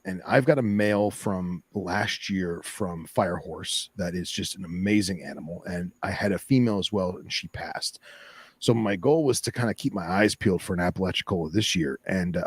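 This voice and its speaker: A man's voice: on the low side, slightly rough, no echo. A man co-hosting a podcast in laid-back, enthusiastic casual chat. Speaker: podcast co-host.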